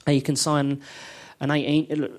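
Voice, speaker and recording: A man tells animated stories, laughing often as he talks. His voice sits a little high for a man. He is a former footballer, recorded live on a theatre stage. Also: a little slow. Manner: laughing, animated anecdote telling. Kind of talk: live podcast storytelling. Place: theatre studio with audience.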